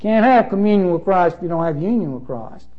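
Pastor, male, high voice, emphatic sermon delivery, lo-fi church recording. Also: expressive, a little fast. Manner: emphatic, repeats phrases with shifting stress.

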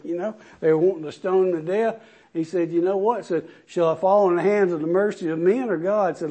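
A preacher with a high-pitched male voice delivers his sermon. He swings between soft, low passages and loud, climbing lines of scripture, leaning hard on key words. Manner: impassioned preaching, rising and falling emphasis.

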